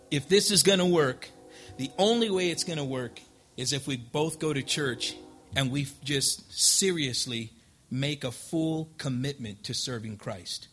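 A preacher with a fairly bright voice on the high side tells his life story as an informal testimony sermon from a church pulpit. His storytelling is folksy, and he acts out old conversations. The setting is a church sanctuary.

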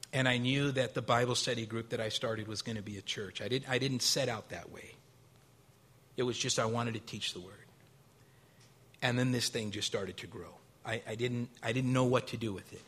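A male pastor preaching a sermon, telling stories with acted-out quotes, rising to loud, high bursts and dropping to quiet, low stretches. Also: husky. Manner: storytelling with acted quotes and a casual, folksy delivery.

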